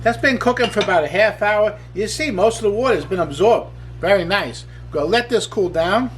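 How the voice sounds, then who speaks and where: A man's voice: sits high, fairly quick, a little hiss or hum. A man hosting a casual cooking demonstration in a kitchen, chatty and enthusiastic, with joking asides. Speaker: cooking show host.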